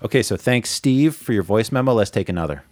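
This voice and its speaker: Earnest co-host, lower-voiced man, close dry mic. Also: expressive, a little fast, a little mellow, dry recording. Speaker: podcast co-host. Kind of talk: casual chat.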